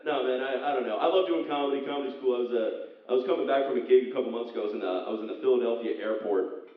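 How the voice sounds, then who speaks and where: A man from central Pennsylvania doing a rambling, self-deprecating stand-up set on a casino club stage, slipping into silly high voices for bits. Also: rapid-fire. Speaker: stand-up comedian. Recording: roomy, distant, dull club recording with audience. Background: audience laughter.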